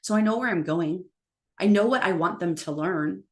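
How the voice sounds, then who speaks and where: A woman's voice: on the low side, normal speed. A woman coaching public speakers in a live online session, talking emphatically and encouragingly. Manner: energetic, acts out quoted lines in different voices.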